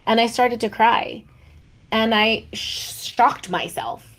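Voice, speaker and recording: A woman co-hosting a podcast, sharing personal stories in a warm, reflective way. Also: a little high, slow pace. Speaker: podcast co-host. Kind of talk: heartfelt podcast conversation.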